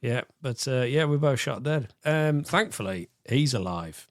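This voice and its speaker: A man's voice: medium pitch, expressive, measured pace, no room sound. A man co-hosting a podcast, making sarcastic asides about a film and laughing along. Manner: sarcastic asides and mock-quoted lines with laughter. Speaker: podcast co-host. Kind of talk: casual chat about a film.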